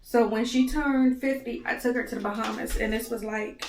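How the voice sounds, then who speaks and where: A woman's voice: fairly high pitch, fairly even intonation, moderate pace, roomy sound, slight background noise. A woman in her thirties hosting a candid, emotional monologue, raw and blunt with plenty of swearing, audibly tearful. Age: 30s. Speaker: host. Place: home.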